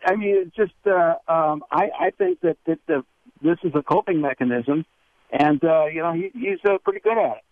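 A man calls in to a radio show and talks in a rambling, animated way. His slightly high voice comes through a tinny phone line. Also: normal speed, no room sound. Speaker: caller. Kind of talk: radio call-in comment.

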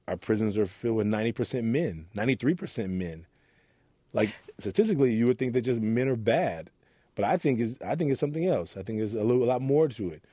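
Low mellow man from Oakland. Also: dry recording. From Oakland, California. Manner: earnest storytelling, acts out quoted voices. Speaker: youth mentor. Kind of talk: reflective interview talk.

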